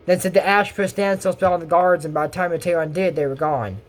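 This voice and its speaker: A man's voice: high-pitched, quick pace. A man casually retelling a cartoon episode, with lots of restarts and fillers and little asides to his viewers. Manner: rambling retelling with fillers and restarts, half-acts quotes. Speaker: YouTube episode recapper.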